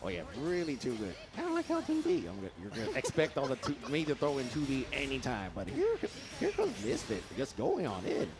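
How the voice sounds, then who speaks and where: Playful and excitable, a man provides live commentary on a fighting game match, acting out what the players are thinking. His medium-pitched, gravelly voice runs a little fast with hardly any pauses.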